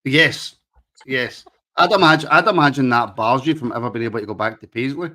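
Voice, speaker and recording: A man's voice: medium pitch, brisk, sharp tone. A Scottish man with a Glaswegian accent, hosting a casual football podcast and teasing his co-host, often repeating his words as he talks. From Scotland.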